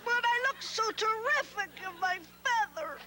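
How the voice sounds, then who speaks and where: A woman's voice: extremely high pitch, lively intonation, normal speed, noisy background. A woman playing a self-important girl puppet who hams up every line. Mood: indignant. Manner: hammy, overdramatic. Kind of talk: puppet show acting.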